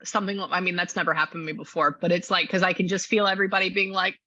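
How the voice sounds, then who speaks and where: Chatty gushing woman medium, bright voice. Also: on the low side, little pitch movement, racing, no echo, muffled recording. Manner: chatty, gushing, restarts often. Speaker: psychic medium. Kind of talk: casual reading session.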